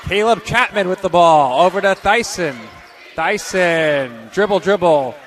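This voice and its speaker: Bright-voiced man calling basketball play-by-play. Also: high voice, slight background noise. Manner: rapid-fire calls, bursts of excitement on scores. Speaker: play-by-play announcer. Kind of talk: live basketball play-by-play commentary.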